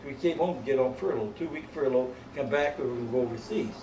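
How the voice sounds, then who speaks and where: A man's voice: medium pitch, fast talker, mellow, a little hiss or hum. Elderly man rambling in a roomy recording. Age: 80s. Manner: rambling, folksy, peppered with "you know what I mean"; breaks into chuckles while telling stories. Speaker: World War II veteran. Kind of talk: oral history storytelling. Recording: roomy home recording from a distance, faint ambience.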